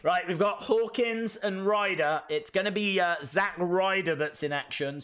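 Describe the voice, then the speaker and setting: A man chatting through a live watch-along reaction stream. He is excitable and reads out viewer comments as he goes. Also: high voice, unhurried, smooth.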